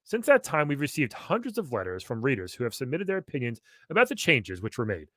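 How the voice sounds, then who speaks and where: A man's voice: mid-range voice, huge pitch swings, fast talker, a bit bright, no echo, studio quality. A man co-hosting a comedy chat, reading old magazine text aloud and teasing it with wry remarks. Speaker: podcast co-host.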